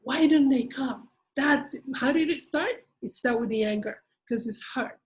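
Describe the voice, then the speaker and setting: A woman's voice: sits high, a little slow, poor audio. Emphatic woman leading a therapy group. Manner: direct, emphatic coaching.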